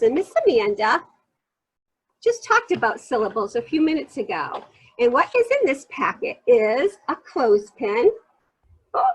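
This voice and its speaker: A high-voiced woman leads little children through rhyming and clapping games, her tone swooping up and down with excited gasps. She talks slowly and a little breathily. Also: husky, rough recording. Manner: animated sing-song teacher voice with gasps of excitement. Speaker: early literacy teacher. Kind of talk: demonstrating games to young children.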